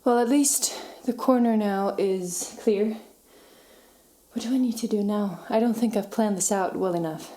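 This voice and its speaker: A woman's voice: mid-range voice, a little slow, dark tone. A woman vlogging casually at home, chatty and self-deprecating, often laughing at herself. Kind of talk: casual vlog narration. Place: home living room. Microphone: camera mic, moved around.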